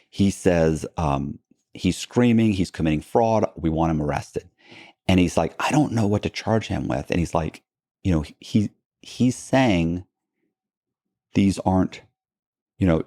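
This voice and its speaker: A man recounting his past as a podcast guest, telling it with lots of quoted back-and-forth and quick restarts. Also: lowish voice, dry recording, studio quality. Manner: animated retelling with quoted dialogue and frequent restarts. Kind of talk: storytelling in a long-form interview.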